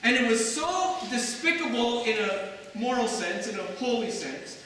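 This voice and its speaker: A Canadian pastor preaches a sermon in a church sanctuary, speaking conversationally and tossing rhetorical asides to his congregation. His very high, expressive voice moves at a measured pace with a fairly bright tone. He is picked up from far off in an echoey hall, with a little hiss or hum.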